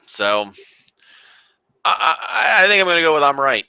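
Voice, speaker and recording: Lively bright-voiced man joking around. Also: on the high side, moderate pace, dull audio. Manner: laughing, joking, crude. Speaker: podcast co-host. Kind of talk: casual gaming podcast banter. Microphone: desk mic, live stream.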